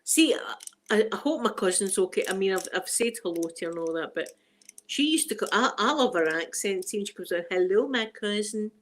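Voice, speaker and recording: A woman's voice: medium pitch, animated, fairly quick. A Scottish woman hosting a live stream, chatting casually and rambling with viewers, laughing often. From Scotland.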